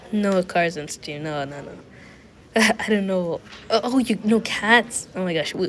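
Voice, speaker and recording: A young woman livestreaming from a university building, her voice nasal and clogged from a cold, with the odd cough. She talks at an easy mid pitch, wandering from thought to thought with plenty of fillers, like she is chatting with friends while she studies. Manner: rambling, filler-heavy, thinking aloud. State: sick, nasal and congested with a cough. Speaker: study livestreamer. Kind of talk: casual chat to a live stream.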